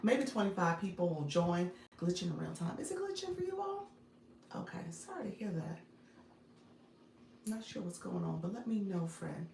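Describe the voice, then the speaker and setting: A woman with a low, gravelly voice runs a casual live stream, greeting viewers by name and chatting between frequent laughs. Her phone picks her up in a roomy, echoing space with a faint hum behind her. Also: normal speed, a little mellow. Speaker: live-stream host and business coach.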